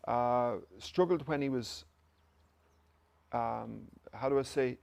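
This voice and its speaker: In a lo-fi recording, an Irish man speaks slowly at medium pitch, his voice creaky and darkish. As a company director being interviewed, he tells stories in relaxed conversation, acting out quoted dialogue.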